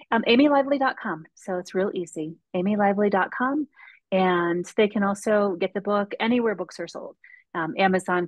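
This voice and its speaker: A woman's voice: lowish voice, no echo, poor audio. A woman guest author telling a faith story in an earnest way on a casual podcast, with frequent ums and restarts.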